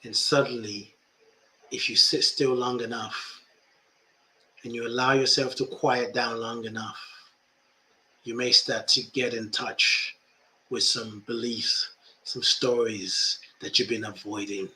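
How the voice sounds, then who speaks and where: A man's voice: mid-range voice, flat delivery, slow, bright, forceful tone, slight background noise. A man who is a life coach and podcast host, talking reflectively about spirituality and often repeating phrases for emphasis.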